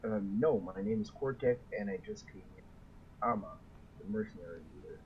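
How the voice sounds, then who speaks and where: A man playing a tabletop role-playing game speaks in character in a lowish voice. He hesitates and fills his pauses with "um". His mic sounds dull and lo-fi, with a faint hiss behind him. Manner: hesitant, with many "um"s. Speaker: player.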